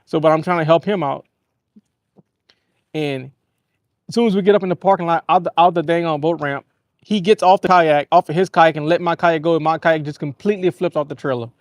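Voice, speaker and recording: A man with a slightly higher voice rambles casually through a story while fishing from a kayak on a lake. His voice sounds dry and close, with hardly any echo around it. He tells stories in a relaxed way and laughs easily. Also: brisk. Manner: rambling, laid-back storytelling with easy laughs. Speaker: fishing livestream host. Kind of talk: casual live-stream chat.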